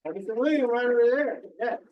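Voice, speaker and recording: A man's voice: very high-pitched, fast, recorded from a distance, lo-fi sound. A man hosting a real estate office meeting, enthusiastic and chatty, repeating words as he urges people on. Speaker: meeting host. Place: large meeting room. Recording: echoey room, heard from afar.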